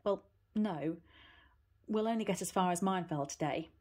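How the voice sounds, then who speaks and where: Woman voicing impatient aunt, storybook, snappy, firm, coaxing, raised and husky. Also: on the low side, normal speed, a little mellow, lightly acted. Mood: brisk. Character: brisk, impatient aunt hurrying a child along.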